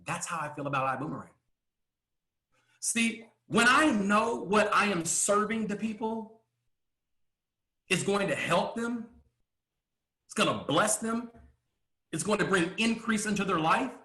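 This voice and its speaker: A man's voice: sits high, expressive, bright, forceful tone. Emphatic male motivational speaker, echoey room. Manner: emphatic, with rhetorical questions and pauses. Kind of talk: motivational speech to a live audience.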